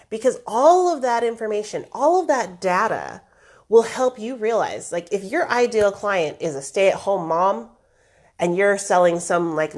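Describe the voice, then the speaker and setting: Chatty woman hosting a business live stream. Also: mid-range voice. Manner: chatty and lively, with throat-clearing. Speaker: host.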